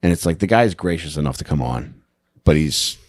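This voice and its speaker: Deep-voiced laid-back guy telling a story. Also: expressive, brisk, a little mellow. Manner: laid-back, swearing, says "dude" a lot. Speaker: podcast host telling the story. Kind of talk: casual storytelling chat.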